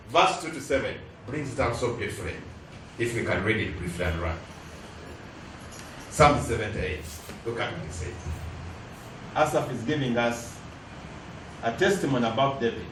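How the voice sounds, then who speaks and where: Speaking at a moderate pace with long pauses, a middle-aged man with a Ugandan English accent preaches emphatically as a guest lecturer, and the audience completes his phrases. His medium-pitched, slightly bright voice moves through big pitch swings over faint background noise. The sound is echoey, as if captured far off in a hall.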